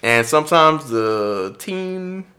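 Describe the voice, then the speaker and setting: A man's voice: a little high, slow. A man from East Austin, Texas, a stand-up comedian and actor, telling stories in a casual interview and acting out past conversations. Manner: animated storyteller who acts out past conversations.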